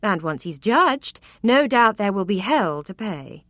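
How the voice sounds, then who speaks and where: Here a woman plays a teasing, coquettish young lady from the Regency era, very animated and archly playful yet at a measured pace. Her voice is mid-pitched with a fairly bright tone, recorded close and dry with no room sound.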